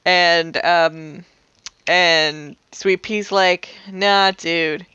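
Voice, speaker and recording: A woman's voice: on the low side, steady tone, drawn-out words, bright, forceful tone, smooth, dry recording, highs cut off. A woman co-hosting a podcast, recapping a teen drama in loose, swearing chat full of fillers and laughter. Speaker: podcast co-host.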